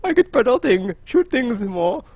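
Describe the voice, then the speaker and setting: A man's voice: very high-pitched, sing-song, unhurried, a little mellow, breathy edge, no echo, pitched above the performer's own voice, exaggerated voice. A man putting on a put-on posh British accent to voice a pompous, cheerfully deluded male scientist who loves grinding for loot. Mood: smug cheerful. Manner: plummy, prim, chuckling.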